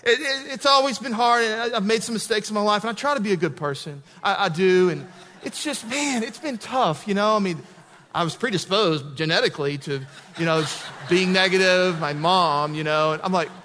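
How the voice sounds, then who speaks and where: A man's voice: high voice, fairly quick, sharp tone, in a large hall. A man playing an embarrassed stranger who stammers, apologizes and rambles. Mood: flustered.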